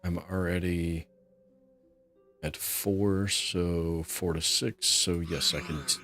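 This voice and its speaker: A man hosting a relaxed let's play, chatting and musing aloud as he plays. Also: low voice, takes it slowly, faint music behind. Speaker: gameplay host.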